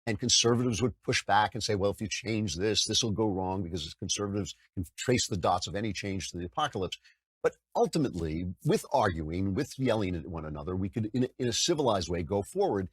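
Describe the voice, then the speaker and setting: A man's voice: on the low side, lively intonation, brisk, husky, dry recording. An older man hosting a political commentary show, talking conversationally and slipping into mocking impressions. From United States. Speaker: podcast host.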